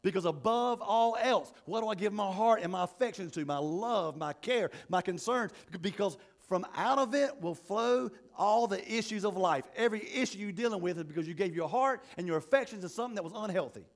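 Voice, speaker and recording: High-voiced impassioned male pastor preaching. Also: brisk, hardly any pauses. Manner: impassioned preaching with repetitions and restarts. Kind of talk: sermon.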